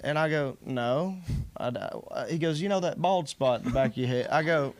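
A man's voice: fairly high pitch, moderate pace, dry recording. A middle-aged man, a singer guest in a casual radio interview, telling stories in an easygoing, self-deprecating way and laughing often.

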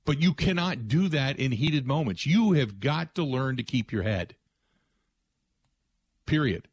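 A man's voice: mid-range voice, animated, measured pace, breathy edge. Blunt, emphatic male sports radio host. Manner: emphatic, blunt, with frequent restarts. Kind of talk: opinionated sports talk radio monologue.

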